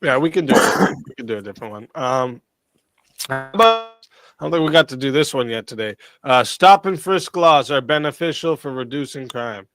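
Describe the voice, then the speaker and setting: A man hosting a casual online debate stream, laid-back and quick to laugh. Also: mid-range voice, animated, a bit bright, soft background music. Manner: laid-back, laughs often, talks with food in mouth at times. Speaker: stream host and debate moderator.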